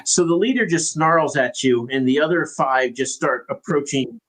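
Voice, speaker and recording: A man's voice: a little high, normal speed, a bit bright, rough recording. A man narrating as game master in a casual, hesitant way with many fillers.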